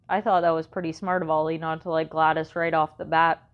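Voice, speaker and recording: A woman reads a first-person children's story in a wry, conversational way. Her voice sits on the low side, and the recording sounds dull and muffled. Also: little pitch movement, fairly quick, hardly any pauses. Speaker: audiobook narrator.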